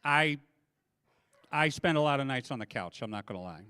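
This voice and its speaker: A man's voice: mid-range voice, moderate pace, clear, resonant tone. A middle-aged man doing a self-deprecating stand-up comedy set on a live stage, talking into a handheld mic. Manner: self-deprecating, animated storytelling. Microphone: handheld microphone.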